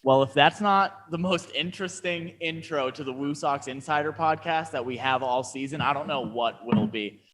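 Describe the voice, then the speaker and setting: A man's voice: a little high, normal speed, few pauses, fairly bright tone, slight background noise. A man hosting a podcast, introducing the show with dry, teasing humor. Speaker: podcast host.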